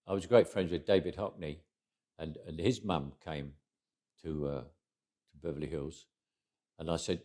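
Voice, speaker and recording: A man's voice: a bass voice, normal speed, long pauses, a little mellow. A man, telling anecdotes in an interview. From England. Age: 80s. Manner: anecdotal, with frequent restarts and chuckles. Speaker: guest. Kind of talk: storytelling interview.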